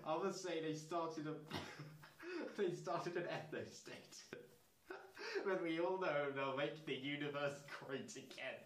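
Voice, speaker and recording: A man's voice: on the high side, slow pace, a little hiss or hum. Bemused man reading aloud in an echoey room. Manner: incredulous, breaks into laughter and asides. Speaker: channel host reading fan fiction. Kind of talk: comedic reading with commentary.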